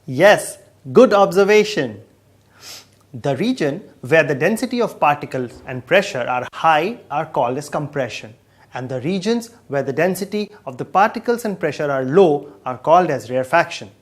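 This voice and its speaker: A man's voice: fairly high pitch, expressive, normal speed. A man patiently explaining sound waves in a scripted educational dialogue. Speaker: science explainer.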